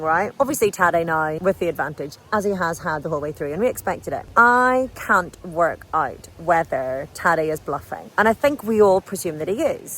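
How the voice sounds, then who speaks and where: An Irish woman in her forties, a cycling broadcaster, talking candidly to viewers while out riding her bike and firing off questions at them. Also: mid-range voice. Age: 40s. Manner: chatty, candid, asks viewers lots of questions. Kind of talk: casual vlog while riding. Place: outdoors on a bike ride.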